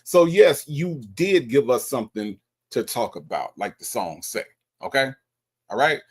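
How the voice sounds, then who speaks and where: Teasing man with a lively gravelly voice. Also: mid-range voice, unhurried. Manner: teasing, repetitive, animated. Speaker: show host. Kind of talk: casual commentary on a call recording.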